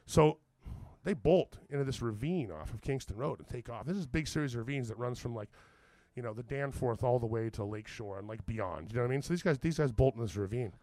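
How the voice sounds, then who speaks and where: A man's voice: quick pace, no room sound. A young man, telling a story on a podcast, swearing casually and acting out every character. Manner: lively, acts out every character with big pitch swings; swears casually, says "like" often. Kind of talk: animated storytelling.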